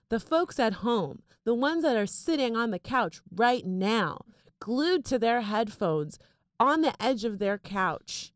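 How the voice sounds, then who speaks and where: A woman's voice: mid-range voice, no room sound. A young woman co-hosting a casual comedy podcast, playful and teasing, laughing often. Her mid-range voice sits close and dry on the mic. She talks in easy, bantering chat. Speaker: podcast co-host.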